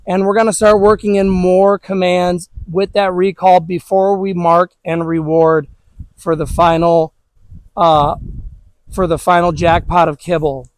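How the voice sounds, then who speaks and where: A man's voice: high-pitched, a little slow, no echo, rough recording. A man who trains dogs, talking casually through an outdoor lesson with plenty of fillers. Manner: relaxed, chatty, many fillers like "all right". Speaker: dog trainer. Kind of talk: casual instructional talk.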